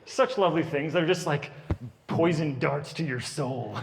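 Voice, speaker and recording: A man in his thirties performs stand-up comedy for a room of children. His voice sits high for a man and swings widely as he tells stories, and a long reverb trails behind it. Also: fast, a little hiss or hum. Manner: animated storytelling, puts on kids' voices. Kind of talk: stand-up comedy at a birthday party.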